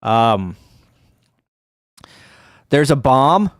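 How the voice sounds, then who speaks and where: Middle-aged male streamer, tired, slow and rambling with wry asides, smooth tone. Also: medium pitch, sing-song, no room sound, clean studio sound. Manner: rambling, hesitant, full of ums and restarts, wry asides. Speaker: ham radio livestream host. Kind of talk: casual rambling livestream chat.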